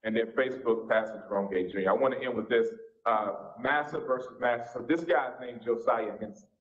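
A man's voice: medium pitch, fairly quick. A pastor in his forties with a Southern US accent, teaching a church seminar in a folksy, informal way. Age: 40s. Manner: folksy, informal preacher's talk. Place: church sanctuary. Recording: echoey, dull church recording.

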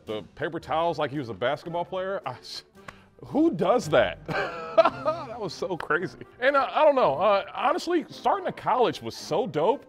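A man on a comedic dating show, answering sarcastically with a giggly edge. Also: sits high.

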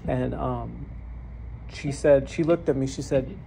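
A man's voice: mid-range voice, slow pace, gravelly, mellow, slight background noise. A man giving a personal testimony as a sermon. He speaks in an earnest, candid way, often repeats words as he restarts, and laughs at himself. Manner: self-deprecating, laughs at his own story. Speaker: preacher sharing his testimony.

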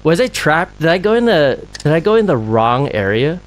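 A man's voice: a little high, sing-song, moderate pace, slight background noise. A man streaming himself playing a horror game, talking to himself with panicky yelps and nervous laughs. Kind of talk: let's-play commentary.

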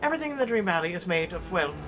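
A man's voice: high-pitched, sing-song, very fast, pitched above the performer's own voice. A man voicing a solemn old male wizard, reading game dialogue aloud in a raised, theatrical voice. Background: game music.

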